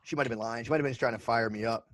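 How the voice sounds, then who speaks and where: A man's voice: medium pitch, fairly even intonation, racing, fairly bright tone, no echo. A man co-hosting a podcast, telling rambling, profane stories in casual chat. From United States. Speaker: podcast co-host.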